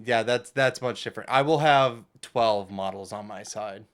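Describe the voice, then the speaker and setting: A man's voice: fairly low pitch, clean tone. A man co-hosting a podcast, joking and chatting in an easygoing way. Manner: easygoing, joking, quick to agree. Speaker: podcast co-host. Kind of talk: casual chat.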